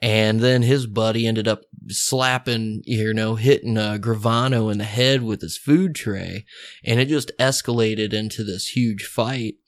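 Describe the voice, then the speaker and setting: A man's voice: lowish voice, steady tone, a little slow. A man hosting a podcast who tells a true-crime story casually, loose and profane, with lots of fillers and asides. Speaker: podcast host.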